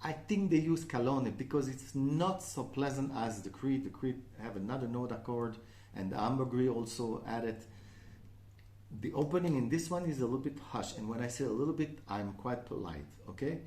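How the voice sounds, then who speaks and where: A man's voice: medium pitch, animated, normal speed, a little mellow, roomy sound. A man with a French accent, a native French speaker, chatting casually in a perfume review and often checking in with "okay?". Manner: chatty, frequent "okay?" and "uh" fillers.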